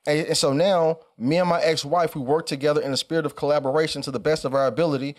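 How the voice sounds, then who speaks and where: A man's voice: on the high side, fairly even intonation, fast. A man co-hosting a podcast, talking in a casual, emphatic and preachy way with plenty of swearing. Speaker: podcast co-host.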